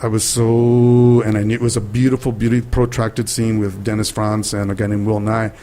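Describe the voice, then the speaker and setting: Older man telling animated showbiz stories. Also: fairly low pitch, normal speed. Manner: animated storyteller acting out quoted voices. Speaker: guest actor. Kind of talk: interview storytelling.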